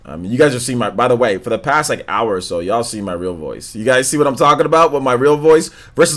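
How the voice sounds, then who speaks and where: A man hosting a live stream, chatting casually with viewers in a low, monotone, laid-back way, full of slang and filler words. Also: quick pace, hardly any pauses. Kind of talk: casual stream chat, reading donations and comments.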